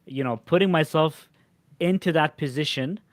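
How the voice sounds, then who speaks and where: A man's voice: on the high side, normal speed, no room sound. A man hosting a casual podcast interview, talking loosely and repeating words as he thinks. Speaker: show host.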